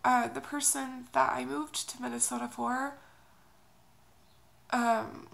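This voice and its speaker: A young woman from Oklahoma, crying as she talks through an emotional personal update in a halting, confessional way. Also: sits high, level tone, gravelly, a bit bright, rough recording. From Oklahoma, USA. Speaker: vlogger.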